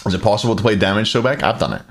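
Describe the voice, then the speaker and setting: A man with a lowish voice calls the picks on a live esports stream and jokes with his chat as he goes. His delivery swings around a lot in pitch. The whole thing sounds easygoing and casual. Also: very animated, rapid-fire. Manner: joking, chatty banter with chat. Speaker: esports caster and stream host.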